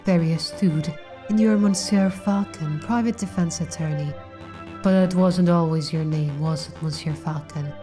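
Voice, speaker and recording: A woman voicing a sly male fox con man in a bird lawyer game, speaking low and hushed. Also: brisk, hardly any pauses, faint music behind, close to an everyday voice. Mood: smooth, evasive.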